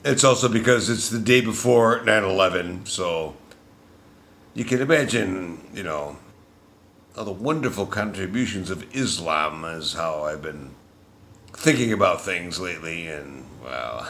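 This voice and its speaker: A man delivering an angry, profane political rant as a vlogger, shouting at times. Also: sits low, animated, unhurried, a little hiss or hum.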